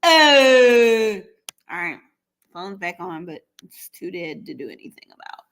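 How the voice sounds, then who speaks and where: A woman's voice: mid-range voice, big pitch swings, a little slow, a bit bright, a little hiss or hum. A woman hosting a casual live stream, chatty and laughing often, talking aside to her dog.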